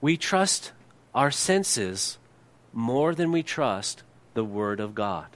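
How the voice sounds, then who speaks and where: A middle-aged man preaches at an ordinary pitch, firing rhetorical questions at his listeners. He lets his voice sink low and quiet when he presses a point, then lifts it again to ask the next question. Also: sing-song, slow. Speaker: pastor. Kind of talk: sermon.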